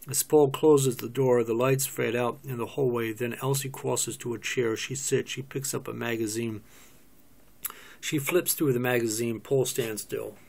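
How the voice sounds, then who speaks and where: A man reads a play's stage directions aloud. His delivery is measured and matter-of-fact, and his voice sits at an ordinary medium pitch. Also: vocal fry, darkish tone. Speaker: narrator.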